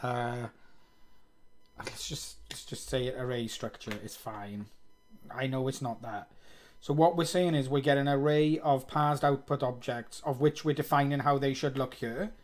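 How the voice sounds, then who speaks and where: A man's voice: mid-range voice, steady tone, a little slow. A man streaming himself coding live, thinking aloud, reading code under his breath and poking fun at himself. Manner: muttering, self-mocking, reads code aloud.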